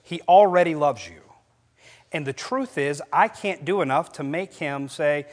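Man preaching, high voice, animated, rising on quotes, middle-aged. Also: measured pace. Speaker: pastor. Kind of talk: sermon.

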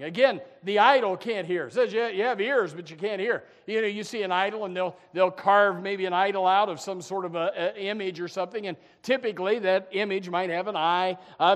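A man preaching a sermon, swinging from quiet asides to loud fervent cries, with many restarts. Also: high voice.

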